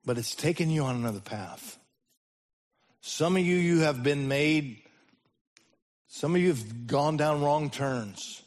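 Male pastor preaching slow, pretty high voice, jumps loud then goes quiet and soft. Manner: preaching with sudden loud rises and slow, hushed drops. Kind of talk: sermon.

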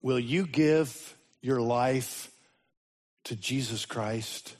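A man preaching a sermon as the pastor, his voice swinging between sudden loud rises and slow, hushed drops. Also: mid-range voice.

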